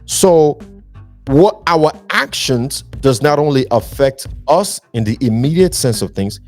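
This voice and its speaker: Earnest guy preaching marriage advice, repeats himself for emphasis, soft music underneath. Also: mid-range voice, expressive, unhurried. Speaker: relationship podcast host. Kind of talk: preachy relationship advice talk.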